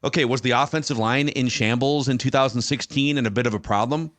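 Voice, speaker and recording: A man's voice: medium pitch, fast talker, fairly bright tone. A man hosting a podcast in casual chat, reasoning through the quotes analytically, with an American accent. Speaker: podcast host.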